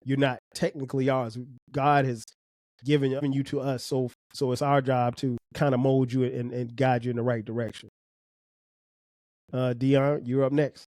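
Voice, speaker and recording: A man's voice: medium pitch, flat delivery, moderate pace, darkish tone, no room sound, studio quality. A middle-aged man, a podcast host and father, talking earnestly about parenting, often restarting and repeating words. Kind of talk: reflective casual talk.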